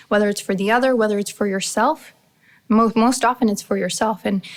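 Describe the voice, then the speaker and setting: A woman hosting her own podcast, talking energetically in a casual motivational monologue, swearing freely and acting out little inner voices. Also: medium pitch. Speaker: podcast host.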